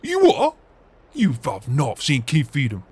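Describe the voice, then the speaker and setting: A man's voice: a little high, huge pitch swings, measured pace, darkish tone, full character voice. A man playing a grumpy, foul-mouthed middle-aged farmer in a farming game role-play. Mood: grumbling. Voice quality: raspy, gruff and swearing.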